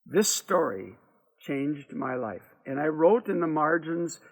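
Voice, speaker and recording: Guy at a teach-in, reads stories out loud w/ feeling, raspy gravelly voice. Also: on the high side, slow pace. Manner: expressive, reads with acted voices. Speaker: lecturer at a teach-in. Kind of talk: dramatic reading and lecture.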